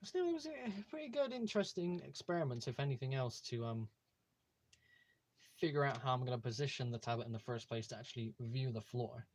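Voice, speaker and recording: A man's voice: medium pitch, animated, a little fast. A young man hosting a casual livestream from a room at home, talking eagerly and rambling with many fillers and restarts. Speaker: livestream host. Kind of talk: casual live-stream chat.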